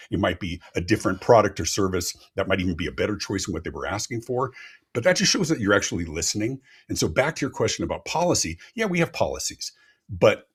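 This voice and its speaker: A man's voice: fairly low pitch, husky. A man speaking as a customer experience expert on a live podcast, telling stories with lots of energy and often repeating words as he starts a thought, heard over a remote call. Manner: animated, repeats words when starting sentences. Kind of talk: live podcast interview storytelling.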